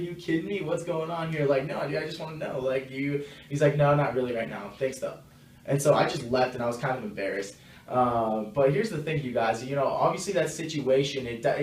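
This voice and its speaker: A young man giving casual, frank advice on network marketing to his viewers, slipping into quoted dialogue as he tells stories. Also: mid-range voice. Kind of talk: casual direct-to-camera advice. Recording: roomy echo, mic at a distance.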